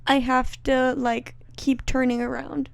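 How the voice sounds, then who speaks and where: A young woman co-hosts a relaxed podcast, chatting earnestly and throwing in quick asides. Her voice sits high. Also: creaky, dry recording. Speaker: podcast co-host. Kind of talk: casual chat.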